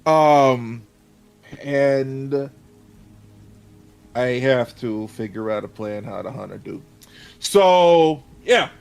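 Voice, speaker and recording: Man, tabletop player, mid pitch, rambling casual chat, lots of fillers. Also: extremely slow, creaky, long pauses, a little mellow, clear, resonant tone, soft background music.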